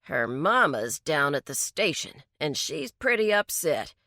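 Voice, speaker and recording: A woman's voice: sits low, sing-song, unhurried, pushed and bright, no echo, clean studio sound, exaggerated voice. A woman voicing a patronizing, menacing male deputy with a condescending, threatening way of talking.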